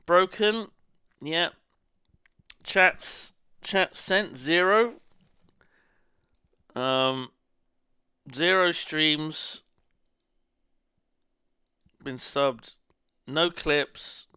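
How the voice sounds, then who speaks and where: A man's voice: on the high side, extremely slow, pauses often, pushed and bright, clean tone, no room sound, studio quality. A man chatting casually to his stream audience, rambling as he reacts to chat and swearing now and then. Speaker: live streamer.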